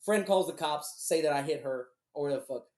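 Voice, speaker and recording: A man co-hosting a podcast, telling a personal story in casual, profane, animated chat. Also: on the high side, fast, roomy sound. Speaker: podcast co-host.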